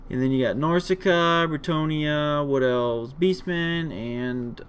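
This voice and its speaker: A man's voice: on the high side, slow pace, smooth. A man hosting a casual gameplay commentary video, rambling with many fillers. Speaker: gaming video host.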